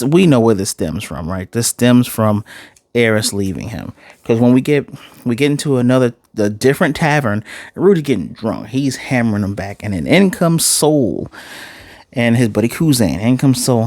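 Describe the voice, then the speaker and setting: Animated male anime reviewer. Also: medium pitch, moderate pace, dry recording, clean studio sound. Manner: animated, acts out quotes, uses "y'all" and fillers. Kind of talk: casual recap commentary.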